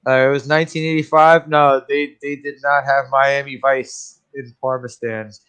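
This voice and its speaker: A man's voice: medium pitch, level tone, moderate pace, fairly bright tone, smooth. A man co-hosting a casual movie-review podcast, rambling and sarcastic.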